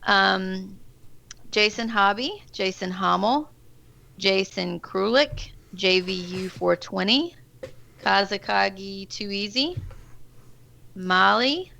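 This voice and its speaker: A woman's voice: mid-range voice, creaky, bright, forceful tone. A woman co-hosting a casual game live stream, giggly as she reads out names. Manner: giggly, reading names out slowly.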